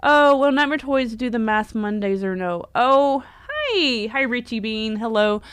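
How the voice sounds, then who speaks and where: A woman's voice: fairly high pitch, expressive, unhurried, fairly bright tone, clear, resonant tone, dry recording. A middle-aged woman, hosting a casual live stream, chatty, emotional, and close to tears as she laughs. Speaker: livestream host and horror store owner.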